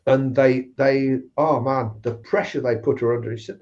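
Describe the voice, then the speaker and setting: A man's voice: mid-range voice, fairly even intonation, normal speed, a little mellow. A man telling work anecdotes in casual chat and acting out the people he quotes. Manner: anecdotal, acts out quoted voices. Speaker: guest speaker on recruitment. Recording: slightly dull lo-fi sound.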